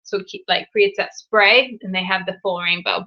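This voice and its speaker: A young woman hosting a casual live Q&A, chatting warmly and gushing with excitement over viewers' news. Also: mid-range voice, moderate pace, muffled recording. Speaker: live Q&A host. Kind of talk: casual live-stream chat.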